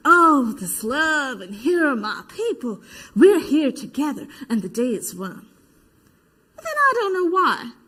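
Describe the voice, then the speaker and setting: Brief: an actress as a female protester witness, high voice, vivid stage retelling that acts out quoted voices. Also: bright, forceful tone, full character voice. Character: adult female protester giving eyewitness testimony. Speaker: stage actor. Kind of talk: verbatim theater monologue.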